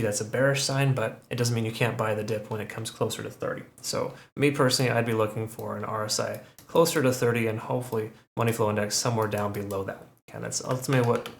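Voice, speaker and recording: A man's voice: fairly low pitch, gravelly. A man walking through crypto price charts in a conversational way, often checking in with "okay" and "right?". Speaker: crypto market analyst. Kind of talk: chart analysis commentary. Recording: roomy echo.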